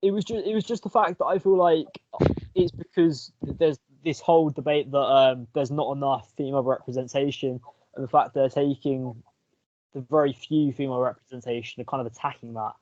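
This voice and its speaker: A man's voice: medium pitch, steady tone, brisk, a little mellow. A man co-hosting a football podcast, giving opinions and telling stories. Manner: opinionated, storytelling. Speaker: podcast co-host. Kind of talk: casual football chat. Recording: dry, dull, lo-fi mic.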